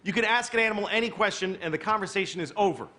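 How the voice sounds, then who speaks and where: A man in his fifties performing live stand-up, telling stories in an animated, conversational way on a club stage with a handheld mic. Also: high voice, racing, background noise. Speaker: stand-up comedian. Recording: live show with loud crowd laughter. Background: audience laughter.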